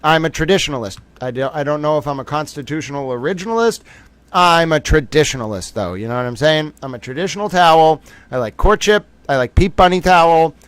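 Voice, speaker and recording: A man's voice: a little high, lively intonation, brisk, a bit bright, clean tone, no echo. A man hosting a livestream of a trial, talking casually to his viewers in a rambling, jokey, self-mocking way. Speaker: livestream host commenting on a trial.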